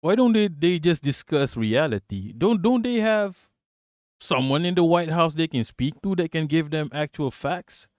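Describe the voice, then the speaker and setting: A man's voice: fairly high pitch, animated, normal speed, a little mellow, no room sound, clean studio sound. Profane, mocking male stream host. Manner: profane, mocking, chatting with viewers. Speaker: livestream host. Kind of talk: casual live-stream commentary.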